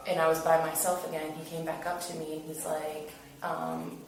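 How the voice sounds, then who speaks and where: A woman's voice: low voice, level tone, moderate pace. A young woman casually retelling events, chatty and full of fillers, acting out what others said. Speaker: interviewee recounting an incident. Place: interview room. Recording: echoey room, far from mic, hiss.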